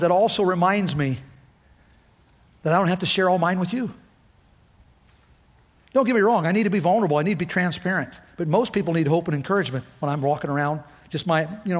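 A middle-aged man preaching a sermon with emphatic, rousing call-and-response delivery. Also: sits high. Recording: long hall reverb.

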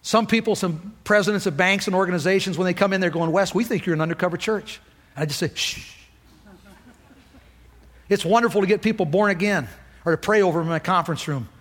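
Rousing high-voiced male preacher in a hall. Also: racing, fairly bright tone. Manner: emphatic, rousing call-and-response. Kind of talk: sermon. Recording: long hall reverb.

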